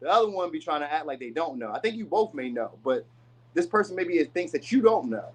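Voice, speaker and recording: Pitched on the high side, his voice is very animated, brisk and a little breathy, captured in a low-quality recording. He's doing a casual tarot reading to camera, wandering through chatty asides. When he quotes people, he performs them in different voices.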